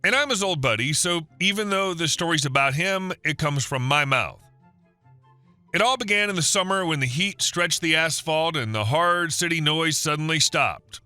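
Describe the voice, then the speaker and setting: A man narrating a scripted first-person story in an even storytelling manner. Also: a little high, moderate pace, dry recording, faint music behind.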